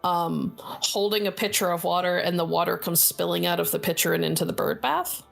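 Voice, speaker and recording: A woman's voice: lowish voice, brisk, creaky, soft background music. A woman narrating a tabletop role-playing game as game master, describing scenes with many fillers.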